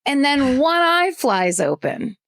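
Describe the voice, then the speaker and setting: A woman co-hosting a comedy podcast, reacting to stories with quick jokes and playful riffs in a casual chat. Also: high-pitched, very animated, a bit bright, no room sound, studio quality. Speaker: podcast co-host.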